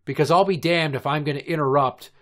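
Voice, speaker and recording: A man's voice: fairly high pitch, fast talker. A man in his thirties hosting a comedy podcast, telling crude stories in long, profane, rambling run-on rants. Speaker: podcast host.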